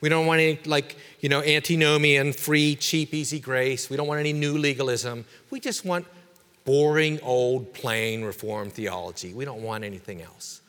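A man pastor preaching a sermon with emphatic delivery, dropping quiet and then rising to forceful exhortation. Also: mid-range voice, fairly even intonation, moderate pace, smooth, big-room sound.

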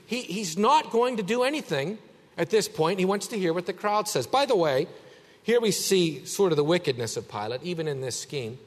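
A man preaching a sermon as pastor, emphatic, swinging between a raised voice and a hushed one. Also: high-pitched, expressive, normal speed, in a large hall.

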